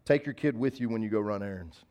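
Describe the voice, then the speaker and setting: A man's voice: fairly low pitch, fast, mellow. A man preaching a sermon, telling a personal story in a conversational, emphatic way and repeating key phrases. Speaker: pastor.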